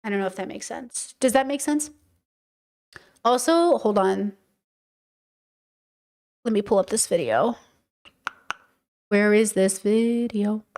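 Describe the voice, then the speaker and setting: A woman's voice: medium pitch, smooth. A young woman hosting a casual livestream podcast, talking in an emphatic, chatty way with many fillers and restarts. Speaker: podcast host.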